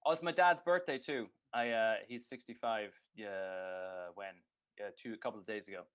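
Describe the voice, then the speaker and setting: A man's voice: lowish voice, moderate pace, fairly bright tone, clean tone, lo-fi sound. A man co-hosting a podcast in casual chat, rambling and joking with plenty of swearing. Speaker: podcast co-host.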